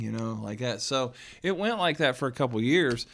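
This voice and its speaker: A male podcast co-host from Florida spins a long family anecdote in an easygoing, rambling way. He laughs often and slips into little impressions of his relatives, with a voice pitched right in the middle. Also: brisk, vocal fry, few pauses, fairly bright tone. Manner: rambling, laughing storyteller who acts out family members. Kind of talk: casual chat, personal storytelling.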